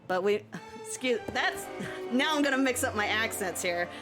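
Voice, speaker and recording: A woman streamer chats casually and laughs easily at herself. Her voice sits fairly high and moves animatedly. Faint music plays underneath. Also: lively intonation, moderate pace. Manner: laughs often, self-mocking. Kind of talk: casual livestream chat.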